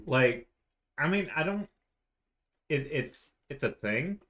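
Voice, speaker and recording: Exasperated young man, lively voice. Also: fairly high pitch, takes it slowly. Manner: weary, exasperated. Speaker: streamer co-host. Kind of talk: casual stream chat.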